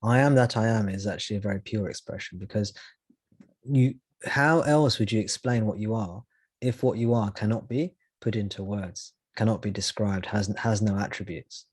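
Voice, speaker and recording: Man, low voice, spiritual teacher, satsang talk, reflective, thinks aloud, restarts, dry sound. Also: normal speed, husky, no echo.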